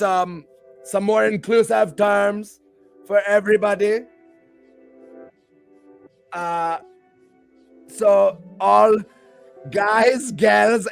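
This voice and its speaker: A man's voice: sits high, vocal fry. A male host and pro wrestler chatting on a live stream show in a hyped, rambling, playful way.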